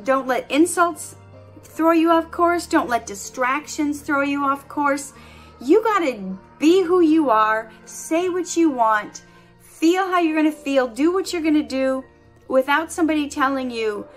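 A middle-aged woman at home giving earnest, animated motivational advice to camera, laughing easily. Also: sits high, a little slow, faint music behind. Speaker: vlogger giving life advice. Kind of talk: casual motivational talk to camera.

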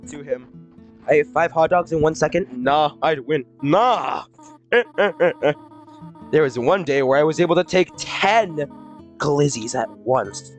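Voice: mid-range voice, a little slow, soft background music. A livestreamer chatting casually with viewers, reading chat aloud, laughing often and swearing between bursts of silly voices. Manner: giggly, rambling, swears, breaks into silly voices.

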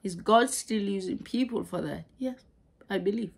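A woman preaching a sermon, halting and repeating words as she goes. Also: mid-range voice, vocal fry, slightly rough.

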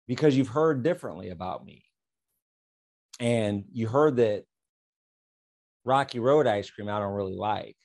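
A man giving a talk on fair housing, telling an animated teaching story in which he quotes both sides of a conversation and repeats phrases for emphasis. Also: lowish voice, moderate pace, pauses often.

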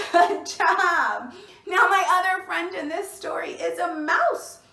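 A woman's voice: extremely high pitch, takes it slowly, creaky, pushed and bright, reverberant. A woman hosting a bilingual children's storytime, cheerful and encouraging, who asks the children to repeat words after her while she sits indoors. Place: indoors, seated.

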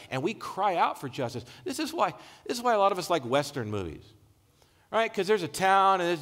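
A man's voice: on the high side, a bit bright. Emphatic male pastor in a reverberant hall. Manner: conversational, emphatic preaching with asides. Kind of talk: sermon. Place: large church hall.

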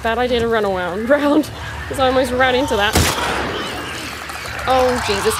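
A woman's voice: on the high side, moderate pace, long pauses, very noisy. A woman commentating on her own horror gameplay, panicky, swearing and exclaiming often. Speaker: gamer playing a horror game. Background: loud game music and sounds.

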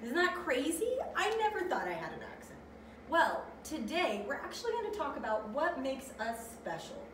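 A woman hosting a children's church program with an animated, sing-song delivery. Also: high-pitched, normal speed. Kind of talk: bright kids' show hosting. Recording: roomy and distant with background noise.

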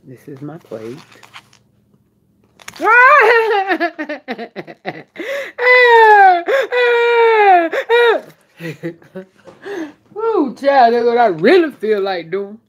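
A woman's voice: mid-range voice, huge pitch swings, normal speed, hardly any pauses, darkish tone, husky. A woman vlogging in a casual live stream while eating, chatting straight to her viewers.

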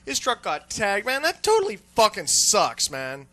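High, bright-voiced ranting male radio host. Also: wildly swooping pitch, normal speed. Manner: ranting, swears constantly, acts out annoyed callers. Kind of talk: profane casual radio rant. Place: radio studio.

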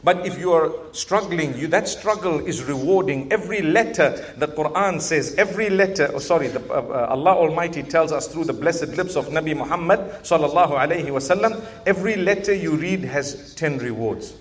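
A male preacher addressing a hall full of people, his fairly high voice climbing to emphatic peaks and dropping to quiet, gentle advice. He puts questions to the audience and slips in light jokes between points. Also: a little fast, few pauses. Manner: animated, rising to emphatic exhortation, then softening. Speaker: Islamic preacher. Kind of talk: live sermon to an audience. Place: large events hall with live audience.

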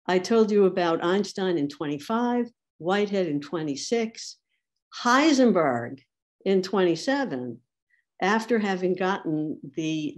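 Woman symposium lecturer, slow and deliberate, dry wry humor. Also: fairly low pitch, a little mellow. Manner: wry asides while quoting thinkers. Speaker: symposium speaker. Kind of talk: academic lecture.

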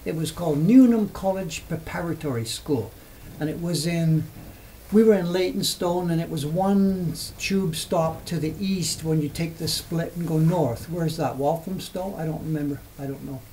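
An older man in his seventies from England chats casually on a livestream, rambling and reminiscing as he answers questions. His voice sits fairly high but sounds mellow and soft-edged. A faint hum of noise runs behind him. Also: normal speed, low-quality recording. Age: 70s. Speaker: livestream host. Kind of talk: casual storytelling chat.

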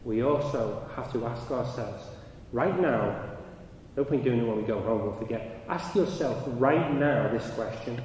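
A man speaking at a conference, his voice rising and growing loud as he tells a story. He is recorded from a distance in a large hall with a long, ringing echo. Steady noise sits under his voice. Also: mid-range voice, measured pace. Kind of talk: conference talk. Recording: echoey hall, mic from afar, noisy.

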